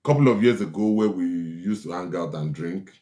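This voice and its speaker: This man hosts relationship advice in a low, dark voice at a fairly quick clip. Preachy and emphatic, he repeats lines to stress them, and the room around him echoes.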